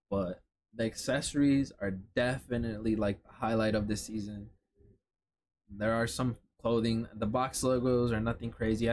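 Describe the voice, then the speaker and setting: A young man from Chicago gives an excitable, slang-heavy running commentary, cursing freely as he reacts to new clothes and accessories. His voice sits at an ordinary middle pitch, with a faint room ambience behind him. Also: a little hiss or hum. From Chicago, United States. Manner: excitable, slangy, swears casually. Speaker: streetwear vlogger. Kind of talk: casual commentary while browsing a lookbook.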